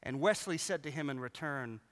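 A man's voice: on the high side, normal speed, a bit bright. A man preaching a sermon, telling stories with animation and acting out the voices of the people he quotes. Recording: long hall reverb.

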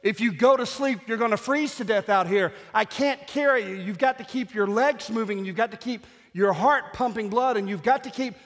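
A preacher acting out a desperate father who shouts urgent commands at his freezing son, repeating himself. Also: sits high, brisk, hardly any pauses, long reverb tail, voice pushed up. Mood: frantic, shouting.

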